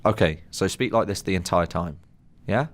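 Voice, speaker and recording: A man's voice: low-pitched, moderate pace. A young man co-hosting a podcast, joking and sorting out the running order in casual chat. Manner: joking, organizing. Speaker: podcast co-host. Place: small room.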